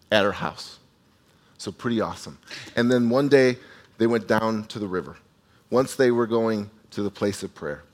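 A man delivers a sermon in an easygoing, animated storytelling manner. He speaks at a middle pitch, often repeats or restarts his words, and turns to the listeners with quick asides. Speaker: pastor.

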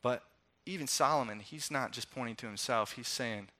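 Young male pastor, bright voice, casual animated sermon delivery. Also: mid-range voice, normal speed. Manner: conversational, animated storytelling with acted-out quotes.

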